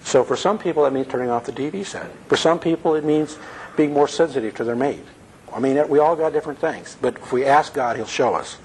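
Man, preacher, conversational sermon, earnest, mid-pitched voice, faint background hiss. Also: fairly quick, a little mellow, rough recording. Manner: earnest, asks the audience questions.

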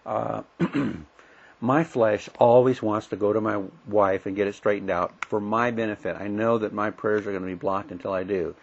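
A man's voice: lowish voice, steady tone, normal speed, vocal fry. A middle-aged man teaching a Bible lesson in a folksy, plain-spoken way, acting out everyday conversations. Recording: dull lo-fi recording.

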